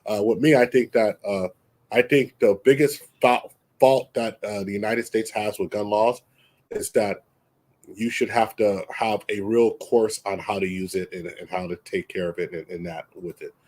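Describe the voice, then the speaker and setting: Husky man rambling on a video call. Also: fairly low pitch, steady tone, normal speed, darkish tone. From Texas. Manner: rambling with many restarts, emphatic. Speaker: co-host. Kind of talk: casual interview chat.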